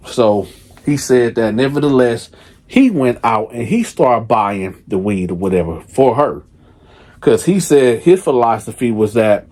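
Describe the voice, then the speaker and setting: A man's voice: mid-range voice, animated, moderate pace, a little mellow. A man casually telling a story, loose and rambling, with lots of fillers.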